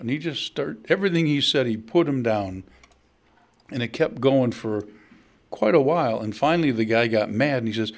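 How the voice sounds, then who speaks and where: A man's voice: mid-range voice, lively intonation, moderate pace. Middle-aged guy preaching, easygoing storyteller, plain mid voice. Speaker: pastor. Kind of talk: sermon.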